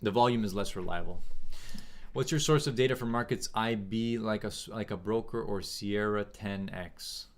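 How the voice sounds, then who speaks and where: A man hosting a casual trading livestream, thinking aloud in a halting way and answering chat questions. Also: fairly low pitch.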